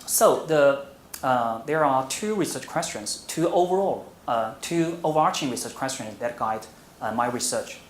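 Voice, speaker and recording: A man with as his delivers an academic talk at a measured pace, often pausing on "uh" and restarting his sentences. His voice sits in a middle pitch. The room gives it a roomy echo over a faint steady hum. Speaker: visiting academic speaker. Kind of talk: academic presentation. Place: university lecture room.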